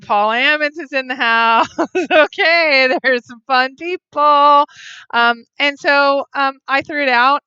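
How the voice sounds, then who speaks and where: A chatty woman hosts a casual live stream, giggling and saying um a lot as she reads viewers' comments aloud. Her voice sits a little high and comes across bright and clear. The dry sound has a slightly dull, lo-fi edge from the phone or webcam mic. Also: no room sound. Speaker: vlog host reading live chat.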